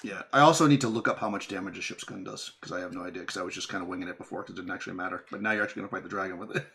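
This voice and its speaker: A young man running a tabletop game as game master, narrating casually with many restarts and quick laughs. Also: deep voice, creaky, a bit bright, slight background noise.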